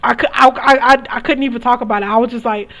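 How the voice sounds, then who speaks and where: In a dull, lo-fi recording, a young spiritual reader tells her personal story quickly, her fairly high, slightly bright voice holding a steady tone. She's candid and emphatic, frequently starting sentences over.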